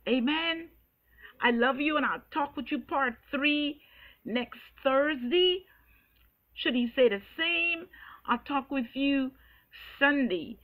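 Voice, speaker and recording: A woman's voice: high voice, slow. A woman preaching in an earnest, pleading way, calling out in repeated prayer over a live stream. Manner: earnest, pleading, repetitive intercession. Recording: tinny phone-like audio.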